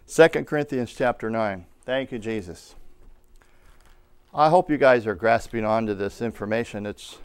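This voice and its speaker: A man preaching a sermon, telling a personal story and rising to loud calls of amen. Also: on the low side, normal speed, clean tone. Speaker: pastor.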